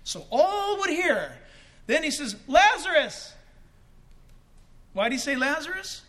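Casting note: male pastor, very high and bright voice, lively delivery with shouted peaks and laughs. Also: normal speed. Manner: animated, shouts for emphasis, jokes and laughs. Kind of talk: sermon.

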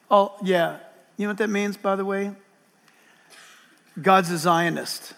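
High, bright-voiced preacher in a reverberant hall. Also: male voice, slow, gravelly, long pauses. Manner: animated, joking, breaks into shouts. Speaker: pastor. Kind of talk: preaching a sermon.

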